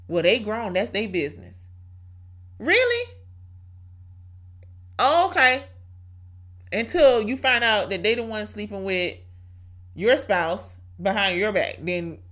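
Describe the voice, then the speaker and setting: On her devotional podcast, this host speaks in a mid-range, fairly bright voice. She urges listeners on conversationally but preachily, posing rhetorical questions and repeating key phrases.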